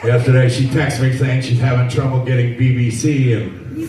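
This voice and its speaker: A man's voice: medium pitch, level tone, moderate pace, a crowd in the background. A man in his sixties doing a stand-up routine in a dry, rambling storytelling way. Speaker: stand-up comedian. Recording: echoey venue, mic from far off, faint noise.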